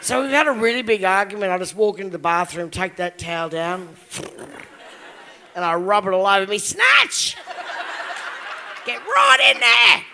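A woman's voice: mid-range voice, fairly quick, a bit bright, a faint crowd, a little hiss or hum. A woman in her fifties with an Australian accent doing live stand-up comedy, crude and full of swearing. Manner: bawdy, crude, heavy swearing. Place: live comedy venue stage.

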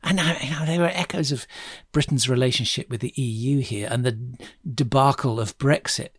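A man's voice: mid-range voice, moderate pace, dry recording, studio quality. A man hosting a history podcast, narrating in a chatty style with wry asides.

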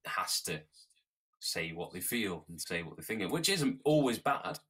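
A man's voice: sits low, very animated, unhurried, a bit bright, husky. A man co-hosting a casual podcast chat, thinking aloud and tripping over words.

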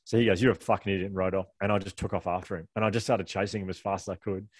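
A man with an Australian accent, a guest telling lively, laughing stories in a casual interview. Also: low voice, husky, no room sound. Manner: animated, laughing storyteller with fast rambling delivery. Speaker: author and guest.

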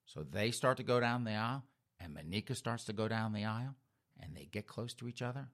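A man's voice: lowish voice, animated, a little fast. A man hosting a comedic news show, retelling stories in a mocking storytelling way and calling listeners "folks.". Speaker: host.

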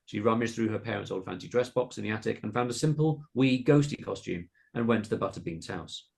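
A man reading a comic spooky short story aloud in a hushed, suspenseful narrating tone. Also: lowish voice, quick pace, creaky. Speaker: podcast host reading his story.

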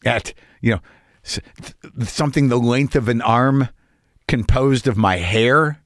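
A man's voice: mid-range voice, a little slow, long pauses, no echo, studio quality. A man in his fifties, hosting a podcast, rambling through a casual, profane, self-deprecating monologue. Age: 50s. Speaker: podcast host.

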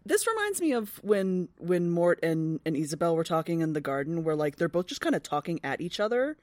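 A woman's voice: lowish voice, sing-song, a little fast, a little mellow, no room sound, studio quality. A woman co-hosting a podcast, chatting casually about a book, with lots of ums and frequent laughs. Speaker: podcast co-host. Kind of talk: casual book club chat.

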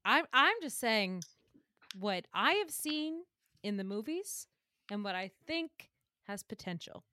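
Woman, comedy podcast co-host, playful and evasive, bright tone, dry close sound. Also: a little high, very animated, slow pace, no echo. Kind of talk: improvised comedy bit.

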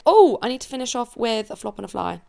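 A woman's voice: fairly high pitch, very animated, fast talker, vocal fry, dark tone. A young woman from England hosting a solo podcast, talking openly and emotionally about her life in a chatty way, her voice cracking near tears at times. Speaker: podcast host. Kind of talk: solo confessional podcast chat. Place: at home under a blanket.

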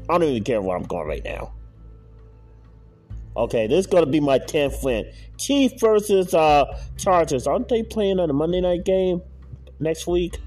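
A man recapping his football picks in a lively, up-and-down voice, pitched a bit high for a man. He drags out the scores and mutters his frustration between games. Soft music sits underneath. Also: moderate pace. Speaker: podcast host. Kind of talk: casual solo sports picks recap.

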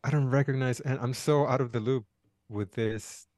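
A man co-hosting a podcast in casual chat, laid-back and halting, often chuckling. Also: medium pitch, fairly even intonation, darkish tone, no echo, studio quality. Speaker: podcast co-host.

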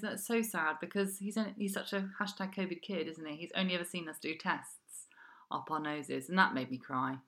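A woman in her thirties co-hosts a casual chat. Her voice sits low but rings bright and forceful. She teases her co-host with quick, playful quips. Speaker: podcast co-host. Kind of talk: casual chat, comic storytelling.

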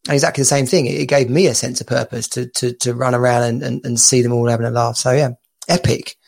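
Gravelly-voiced man chatting. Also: medium pitch, fairly even intonation, fast talker, darkish tone. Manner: chatty, many restarts, laughs often. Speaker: podcast co-host and dad coach. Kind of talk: casual chat.

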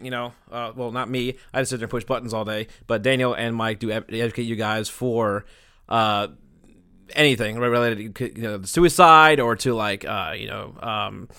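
A man's voice: mid-range voice, sharp tone, smooth, no echo, clean studio sound. A young man producing a podcast, wrapping up the show in a rambling, crude, joking way with lots of fillers. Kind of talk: casual podcast chat.

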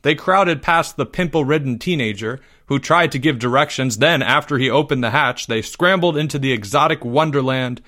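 A man hosting a podcast and reading a children's story aloud in a steady storytelling manner. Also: medium pitch, normal speed, few pauses.

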